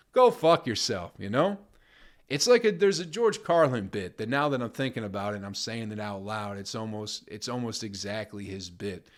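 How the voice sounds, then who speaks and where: A man hosting his own podcast, ranting with heavy swearing and mocking put-on voices of other people. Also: lowish voice. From United States. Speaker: podcast host. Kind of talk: profane comedic rant.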